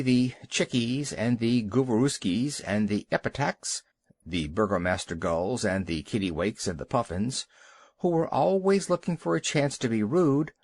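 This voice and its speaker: A man narrating a children's storybook with an expressive, animated reading. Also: medium pitch, no echo. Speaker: audiobook narrator.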